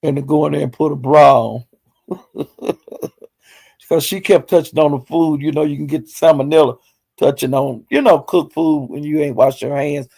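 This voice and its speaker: A man casually recapping a livestream as a story, animated and laughing often as he talks. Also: fairly high pitch, moderate pace, creaky. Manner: animated, laughs often, loose slangy talk.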